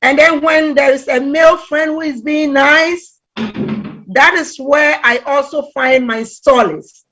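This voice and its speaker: A middle-aged woman from Ghana giving a conversational talk on relationships, telling stories with lively acted-out quotes. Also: sits high, slow pace, soft background music. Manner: animated storytelling, acts out quoted voices. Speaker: relationship talk guest speaker.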